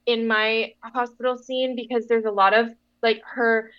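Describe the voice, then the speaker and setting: A woman co-hosting a podcast in casual chat, rambling and animated as she retells scenes. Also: on the high side, unhurried, clear, resonant tone. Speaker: podcast co-host. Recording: dull, dry recording.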